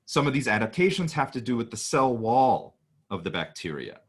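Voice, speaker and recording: A man's voice: medium pitch, very animated, normal speed, slightly rough. A man giving a casual recorded university lecture, chatty and full of asides and fillers. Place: home, Hawaii.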